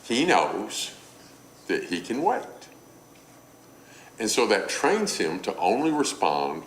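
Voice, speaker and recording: A man's voice: on the low side, wildly swooping pitch, takes it slowly, echoey room, slight background noise. A male preacher giving a conversational sermon, teaching through everyday stories. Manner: conversational, illustrative storytelling. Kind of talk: sermon on parenting.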